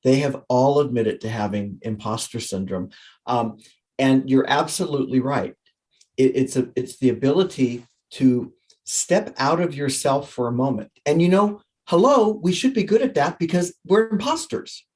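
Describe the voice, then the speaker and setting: A man, a guest author and coach, giving energetic conversational interview answers and acting out his own inner thoughts. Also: medium pitch, moderate pace.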